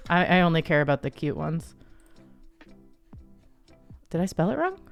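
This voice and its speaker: A woman hosting a casual livestream, chatty and giggly, breaking into high excited squeals. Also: normal speed, creaky. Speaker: livestream host. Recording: dry close sound, faint music behind.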